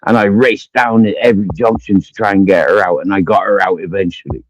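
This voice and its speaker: A man's voice: low voice, fairly even intonation, brisk, a little hiss or hum. A man with a Cumbrian accent ranting angrily at someone on a livestream, swearing constantly, repeating his accusations and drinking as he talks. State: drinking during the stream. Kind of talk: angry profane rant. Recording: dull lo-fi stream audio.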